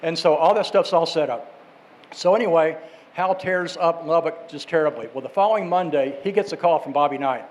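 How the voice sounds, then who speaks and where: Higher-voiced man telling a rambling story. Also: fairly quick, low-quality recording. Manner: rambling, with restarts and asides. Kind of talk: casual anecdote telling.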